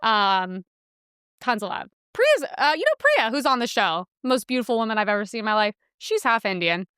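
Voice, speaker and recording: A woman's voice: a little high, very animated, moderate pace, sharp tone, smooth, dry recording, clean studio sound. A young woman hosting a podcast in a casual, blunt monologue, full of filler words and crude asides. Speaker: podcast host.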